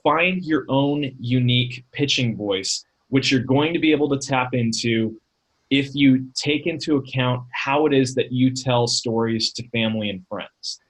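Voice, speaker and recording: A man presenting a webinar in a relaxed, conversational coaching way, often using fillers like "um" and "you know.". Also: mid-range voice, a little slow, rough recording. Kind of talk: casual webinar talk.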